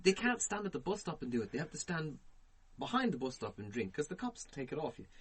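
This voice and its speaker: A man, co-hosting a podcast and telling profane, animated stories in casual chat. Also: on the high side, quick pace, husky. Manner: profane, animated, laughs through his stories. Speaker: podcast co-host.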